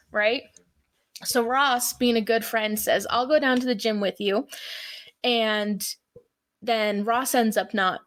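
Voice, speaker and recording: Female podcast co-host, fairly high voice, chatty storyteller who acts out quotes. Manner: chatty, retells scenes acting out quotes. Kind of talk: casual chat.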